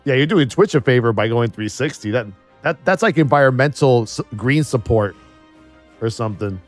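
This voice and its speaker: A man's voice: medium pitch, animated, moderate pace, soft background music. A man streaming live and riffing in a casual, profane and sarcastic way.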